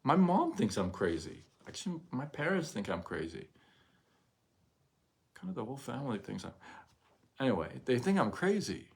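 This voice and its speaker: A middle-aged man hosting a casual livestream, talking in an animated way, often repeating himself and asking "right?". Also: medium pitch, normal speed, vocal fry, pauses often. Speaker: livestream host.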